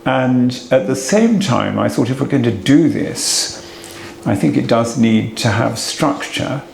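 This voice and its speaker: An older man, a retired cathedral dean, giving a halting, reflective talk to an audience, with many fillers and restarts. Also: mid-range voice, animated, gravelly, darkish tone. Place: assembly room before an audience. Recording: echoey hall, faint room noise.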